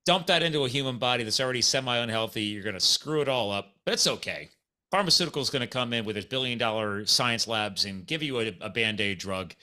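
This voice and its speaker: Bright, emphatic American podcast host. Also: male voice, medium pitch, lively intonation, fast. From United States. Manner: emphatic, ranting listener-directed points. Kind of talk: casual podcast chat.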